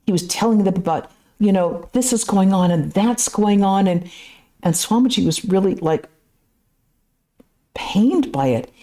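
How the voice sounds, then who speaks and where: A woman's voice: mid-range voice, a little slow. A woman, a nun, giving a conversational spiritual lecture at a temple, telling stories with casual asides. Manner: lively storytelling with casual asides.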